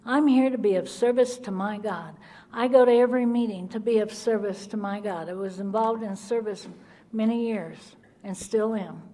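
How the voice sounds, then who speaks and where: A woman's voice: mid-range voice, moderate pace, warm tone. Middle-aged woman, plain-spoken and earnest recovery speaker. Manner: earnest and blunt, storytelling with acted quotes. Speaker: Al-Anon speaker. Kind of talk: recovery talk, personal story.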